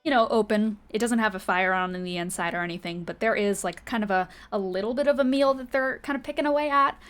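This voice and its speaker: A woman's voice: medium pitch, fast, fairly bright tone. A woman narrating as game master of a tabletop game in a casual, rambling way full of fillers.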